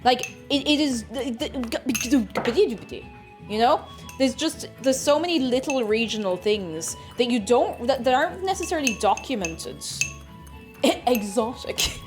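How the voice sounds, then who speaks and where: A woman's voice: high-pitched, animated, measured pace, music in the background. Chatty Irish woman baking live. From Ireland. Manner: chatty, rambling, talks to herself while measuring. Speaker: streamer. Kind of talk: casual chat while baking on a live stream.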